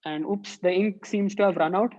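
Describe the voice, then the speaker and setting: A woman leads a children's drawing workshop, chatting through each stroke as she draws. Her voice sits at a middling pitch. The audio is dull and lo-fi, like an online class call. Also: normal speed, a little mellow. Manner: chatty, thinks aloud while drawing. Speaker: art teacher.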